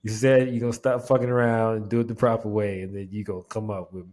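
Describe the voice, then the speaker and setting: A man's voice: lowish voice, flat delivery, fast, darkish tone. A man co-hosting a podcast, teasing his partner in casual banter, laughing a lot and swearing freely. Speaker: podcast co-host. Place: indoor recording set.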